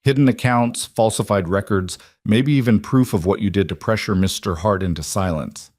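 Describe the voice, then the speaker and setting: A man voicing a quiet, controlled mountain cowboy, with a low voice in a dry recording. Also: normal speed, dry recording, natural voice. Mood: calm. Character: calm stern male mountain cowboy.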